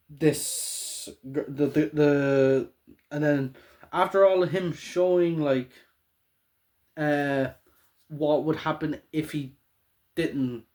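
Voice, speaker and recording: A man's voice: a little high, a little mellow. Rambling young man chatting casually. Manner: rambling, full of filler words and restarts. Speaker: show host reviewing a film. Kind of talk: casual monologue.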